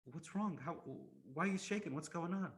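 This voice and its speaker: A man voicing a ruthless king who insists on hearing more, in loud, raised bursts. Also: sits high, fairly quick, pitched above the performer's own voice, lightly acted. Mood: concerned. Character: ruthless conquering king, eager listener.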